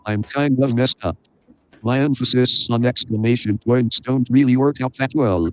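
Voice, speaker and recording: A man's voice: mid-range voice, normal speed, close to an everyday voice. A speech synth as a glitchy male computer voice. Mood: stiff. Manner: stiff synthetic phrasing. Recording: dull lo-fi audio.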